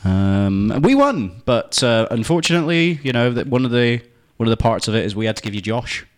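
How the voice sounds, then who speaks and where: A man's voice: mid-range voice, lively intonation, brisk. A man with an English accent, a podcast co-host, bantering and laughing easily. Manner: joking, laughs often, stumbles and restarts. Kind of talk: casual banter.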